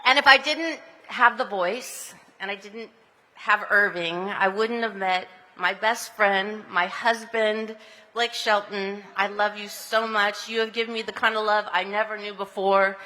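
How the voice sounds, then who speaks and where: A chatty woman from California gives a heartfelt acceptance speech at a podium microphone, breaking into breathy giggles and going soft and emotional in her thanks. Her mid-range voice carries through outdoor speakers, which add a long, echoing reverb tail. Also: mid-range voice, steady tone, measured pace. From Anaheim, California. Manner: tender and emotional in the thank-yous. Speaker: honoree giving a speech. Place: outdoor street ceremony.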